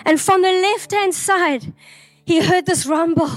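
Very high-voiced woman sharing a vision. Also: measured pace. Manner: earnest, storytelling, repetitive. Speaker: prophetic speaker.

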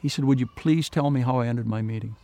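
Gravelly-voiced man telling his faith story. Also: mid-range voice, brisk, dark tone, no room sound. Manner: earnest storytelling, retelling dialogue with many "I said" tags. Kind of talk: personal testimony in an interview.

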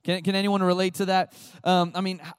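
A man pastor giving a casual, animated sermon to a young crowd, chatting and acting out short voices. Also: high voice, brisk, clean tone, no echo, studio quality.

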